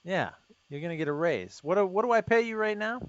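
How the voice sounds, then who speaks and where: A man's voice: sits high, animated, quick pace, dry recording. A man playing a pompous, stingy male factory boss in a tabletop game, bossy and self-important. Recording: dry, dull lo-fi sound.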